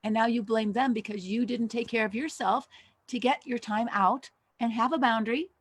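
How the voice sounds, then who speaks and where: A woman's voice: on the high side, moderate pace, breathy edge. An older woman giving a conversational teaching talk as a Christian counselor, asking many rhetorical questions.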